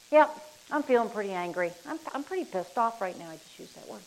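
A woman leading a casual group session, rambling and chatty and quick to laugh. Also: mid-range voice, animated, a little mellow, a little hiss or hum, low-quality recording. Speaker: workshop leader.

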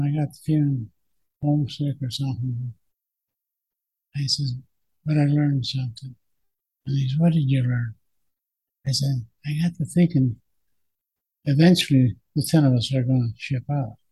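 A man's voice: medium pitch, dark tone, slightly rough, low-quality recording. An older man, a veteran, reflectively recalling his wartime service in a plainspoken oral history telling.

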